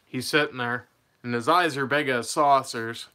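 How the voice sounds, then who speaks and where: Bright-voiced young man rambling through a story. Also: mid-range voice, moderate pace. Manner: rambling, laughs mid-sentence, loses his train of thought. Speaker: vlogger telling a personal story. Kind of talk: casual storytime.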